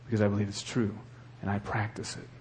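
A man preaching a sermon as the church's pastor, swinging between hushed, earnest talk and loud, fervent exhortation. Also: lowish voice, completely flat delivery, fast, slightly rough.

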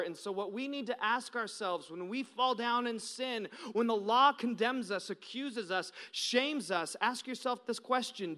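With a very high voice, this American pastor in his thirties preaches a sermon, telling stories animatedly and swinging from loud to hushed.

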